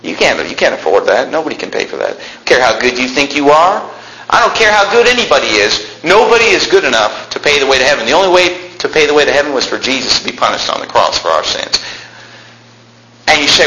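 A man preaching a fiery sermon, swinging between hushed passages and shouting, turning mocking and sarcastic. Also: on the high side, very animated, quick pace, roomy sound, poor audio.

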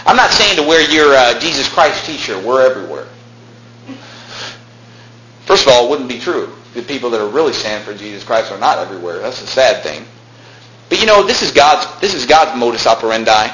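A male pastor preaching a combative sermon, with big swings in pitch and loudness that climb to shouts. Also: lively intonation, fairly quick. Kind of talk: fiery Baptist sermon. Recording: echoey room with faint noise.

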